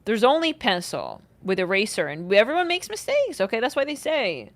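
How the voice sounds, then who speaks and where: A young woman giving a casual livestream tarot reading, talking in an animated way with lots of "like", swearing and sudden outbursts. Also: fairly high pitch, normal speed, dry recording. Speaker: tarot reader.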